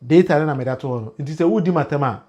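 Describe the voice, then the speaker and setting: Mixing Twi with pidgin English, this Ghanaian livestream host gives lively political commentary, laughing often and pushing his voice up for emphasis. He talks quickly in a slightly high, somewhat rough voice.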